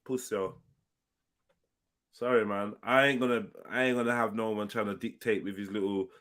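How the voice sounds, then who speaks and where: A man's voice: lowish voice, fairly even intonation, moderate pace, a bit bright. Man, stream host, combative, profane, tense edgy tone. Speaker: host of live panel stream. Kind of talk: heated live stream debate.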